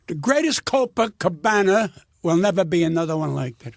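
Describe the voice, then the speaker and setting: Gravelly older man telling blunt stories. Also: sits high, very animated, fairly quick, no room sound, clean studio sound. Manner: blunt, profane, heated storyteller. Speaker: guest comedian. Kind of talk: storytelling interview.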